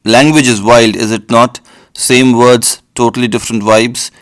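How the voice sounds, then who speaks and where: A man with an Indian accent talks through word pronunciations in a playful, explainer style. His delivery is wry and teasing, at a middle pitch. The sound is close and dry. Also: steady tone, moderate pace, a bit bright, no echo. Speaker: video host.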